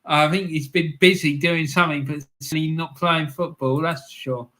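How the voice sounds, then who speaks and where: A man's voice: on the high side, fairly even intonation, normal speed, pushed and bright. A man hosting a live stream, chatting casually with viewers, laughing often and calling people "mate". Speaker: livestream host reading chat.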